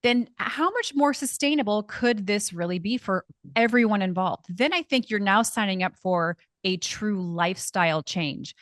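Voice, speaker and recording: An enthusiastic woman host on a podcast, affirming her guest and leading into the next question. Her voice sits at a middle pitch. The sound is dry and close. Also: animated, moderate pace, dry recording. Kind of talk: podcast interview.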